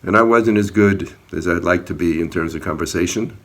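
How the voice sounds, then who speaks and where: Man, very low voice, earnest, personal account, outdoors. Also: fairly quick, fairly bright tone. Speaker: activist recounting an encounter.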